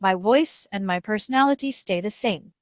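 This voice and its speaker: A woman's voice: mid-range voice, normal speed, no echo. Woman with AI accent-converted voice. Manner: smooth, neutral delivery. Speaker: call center agent. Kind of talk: scripted product demo. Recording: slightly dull lo-fi call audio.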